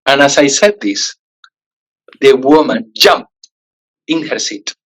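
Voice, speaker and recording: Guy guest on an interview, tells his story lively and does everyone's voices. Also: mid-range voice, slow pace, low-quality recording. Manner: animated storyteller, acts out quoted voices.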